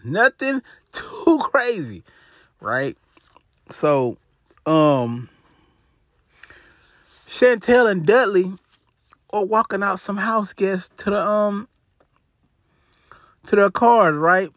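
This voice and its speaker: A man's voice: high voice, a bit bright, no room sound, clean studio sound. A man telling a true crime story in a casual, slangy way full of fillers.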